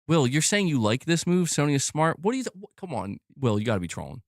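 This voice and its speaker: A man's voice: on the high side, big pitch swings, fast, hardly any pauses, dry recording, studio quality. A man hosting a gaming news stream, ranting angrily with lots of swearing and repeated outbursts. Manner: angry, profane, repetitive outbursts. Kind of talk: live stream rant.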